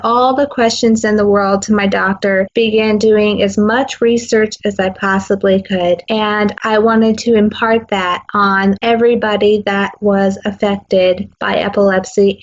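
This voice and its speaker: Earnest woman on muffled audio. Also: medium pitch. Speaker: interview guest, advocate. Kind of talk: interview answers.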